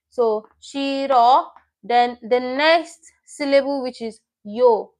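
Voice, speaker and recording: A woman teaching a livestream lesson, explaining patiently step by step and repeating each word she teaches. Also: on the high side. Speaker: Korean language teacher.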